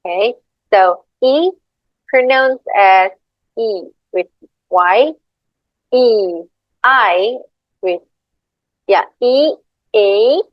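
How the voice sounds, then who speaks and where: A woman's voice: mid-range voice, very slow, long pauses, no echo. A young woman with an Indonesian accent giving a class presentation, hesitant and apologetic, reading slides and repeating example words. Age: young adult. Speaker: student presenter. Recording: dull lo-fi dry recording.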